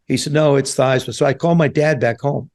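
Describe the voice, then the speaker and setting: A man in his seventies from New Jersey, a guest telling stories in an animated way on a podcast. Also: fairly high pitch, fast talker. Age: 70s. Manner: animated storyteller, acts out quoted voices. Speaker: guest, former quarterback. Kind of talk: storytelling interview. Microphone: podcast studio mic.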